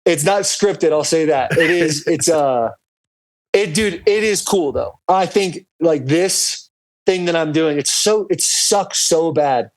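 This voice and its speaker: Man, casual podcast chat, rambling, lots of fillers, slightly high pitch, video call. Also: slow. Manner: loose and rambling, full of "like" and "dude". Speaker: podcast co-host calling in from abroad.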